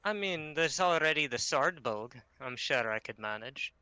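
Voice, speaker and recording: A man's voice: fairly high pitch, animated, normal speed, pushed and bright, clear, resonant tone, dry recording. A man describing his character's actions in a tabletop game, loose and full of fillers. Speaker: player. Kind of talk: casual role-play talk.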